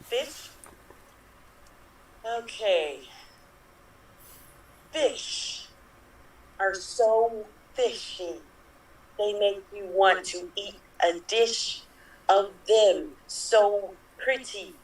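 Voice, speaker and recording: Woman, improv poem, slow, playful, echoey room, far from the mic. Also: medium pitch. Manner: hesitant, playful. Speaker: improv performer. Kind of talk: improvised comedy poetry. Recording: roomy, distant mic.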